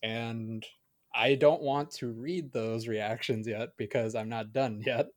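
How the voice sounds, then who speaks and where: A man's voice: medium pitch, fairly even intonation, takes it slowly. A man co-hosting a casual podcast, rambling with lots of "like" and "you know" and laughing along. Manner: rambling, many fillers, laughs. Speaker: podcast co-host. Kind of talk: casual chat.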